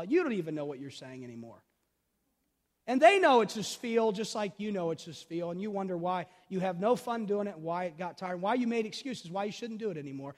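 A middle-aged man and pastor preaching a sermon, switching between loud, urgent emphasis and quiet storytelling, repeating phrases and speaking straight to his listeners. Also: high-pitched, expressive, fairly quick. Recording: long reverb of a large hall.

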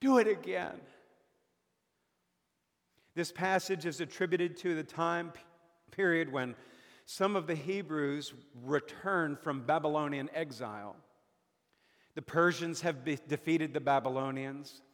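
A man preaching a sermon as a pastor, slow and deliberate with dramatic pauses, recorded in a church sanctuary. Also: a little high, a bit bright. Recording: long hall reverb.

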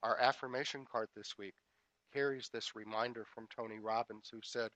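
A man preaching a spiritual sermon as a minister, in a measured, repetitive cadence that builds to emphatic rises when he tells a story. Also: medium pitch, fairly even intonation, fairly bright tone, no echo, dull audio.

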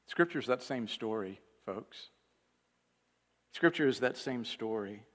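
A man preaching a sermon as the pastor, telling stories and moving between loud, emphatic passages and hushed, low ones. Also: long reverb tail.

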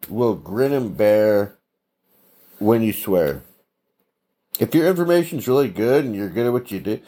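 A man's voice: mid-range voice, mellow. A man hosting a podcast in a casual solo monologue, blunt and opinionated, tossing out rhetorical questions and tagging lines with "right?". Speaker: podcast host.

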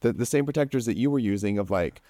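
A man hosts a podcast conversation, speaking gently and reflectively while sometimes repeating words. His voice is low and mellow, recorded close and dry. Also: animated, fast talker, dry recording. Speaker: podcast host.

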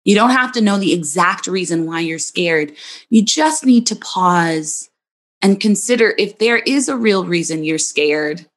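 A woman hosting her own podcast, speaking in a gentle, soothing, reflective monologue. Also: fairly low pitch. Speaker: podcast host and psychologist.

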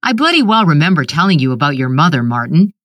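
A woman's voice: sits low, very animated, fast, a bit bright, no room sound, lo-fi sound. A woman reading the lines of a curt, defensive, ailing father in a short story.

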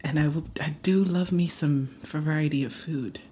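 A woman with a New York accent co-hosting a casual podcast, animated, blunt and laughing a lot. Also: low voice, normal speed. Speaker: podcast co-host.

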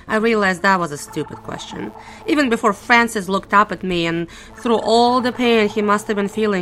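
A woman's voice: mid-range voice, a little fast, fairly bright tone, soft background music. A young woman narrating a first-person audio drama in a nervous, wry, self-mocking way. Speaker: narrator and lead character.

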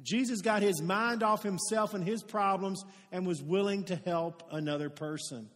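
A man's voice: sits high, normal speed, a bit bright. A man preaching a sermon as pastor, telling stories earnestly and building to emphatic peaks. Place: church sanctuary. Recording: long reverb of a large hall.

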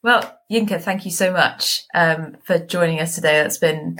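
A bubbly woman co-hosts a casual podcast, her voice sitting a little low. She chats warmly and freely, full of fillers. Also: normal speed. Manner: chatty, bubbly, lots of fillers. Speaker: podcast co-host, osteopathy student. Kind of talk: casual chat.

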